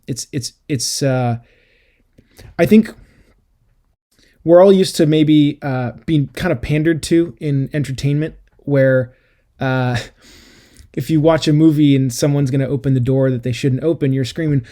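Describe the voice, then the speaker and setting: A man's voice: medium pitch, dark tone. A man co-hosting a book podcast, talking thoughtfully with frequent restarts and fillers. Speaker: podcast co-host. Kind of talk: casual book discussion.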